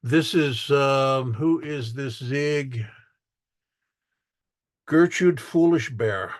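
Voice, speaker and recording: A man's voice: medium pitch, extremely slow, no room sound, clean studio sound. A man giving a casual artist talk as a photographer, telling stories about his photos in a rambling way, with restarts and acted-out quotes. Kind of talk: casual storytelling while showing photos.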